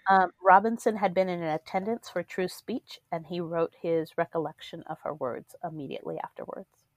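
A woman's voice: lowish voice, moderate pace, dry recording. A woman co-hosting a podcast, reading her history notes aloud with frequent ums between her remarks. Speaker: podcast co-host. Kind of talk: casual chat with read-out history notes.

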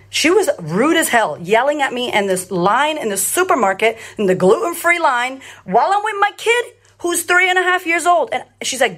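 A woman's voice: a little high, fast talker. A woman giving a blunt, profane, emphatic solo monologue as a confidence coach and podcast host, telling stories with lots of energy. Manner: animated storyteller.

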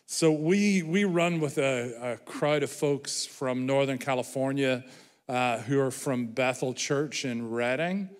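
A man's voice: medium pitch, takes it slowly. A man with an Irish accent preaching a sermon in a church, joking with the congregation about himself. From Ireland. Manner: self-deprecating, joking with congregation. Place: church hall. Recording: reverberant church hall.

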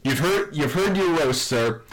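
A man's voice: fairly high pitch, expressive, measured pace, slight background noise, rough recording. A man co-hosting a podcast, recapping a TV episode with enthusiasm and reading quotes aloud in casual chat. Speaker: podcast co-host.

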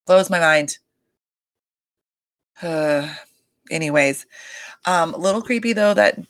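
A woman's voice: deep voice, slow, dry recording. A woman hosting a casual podcast chat, gossiping with lots of swearing and "like.". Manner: gossipy, profane, animated, lots of "like" and "you guys". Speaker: podcast host recapping a reality show. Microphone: desk microphone.

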